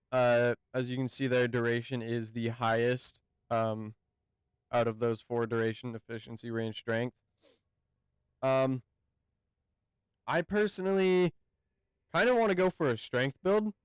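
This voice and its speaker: Male game reviewer, mid-pitched, very smooth and resonant tone, hesitant and halting delivery, close dry mic. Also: no echo. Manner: hesitant, halting, often searching for words. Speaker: gaming channel host. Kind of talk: casual game review talk.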